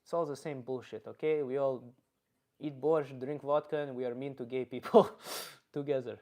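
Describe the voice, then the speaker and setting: A man's voice: mid-range voice, fairly even intonation, normal speed, dark tone. A man from Canada, chatting casually and profanely on a live stream and reading viewers' messages aloud. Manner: rambling, profane, reads chat aloud. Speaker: comedian streamer.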